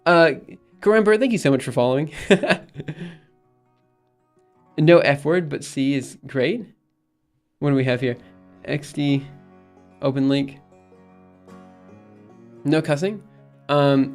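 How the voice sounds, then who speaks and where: A young man rambling in casual live-stream chat, reading messages aloud and repeatedly insisting things are fine. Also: mid-range voice. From United States. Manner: rambling, reads chat aloud, exasperated but reassuring.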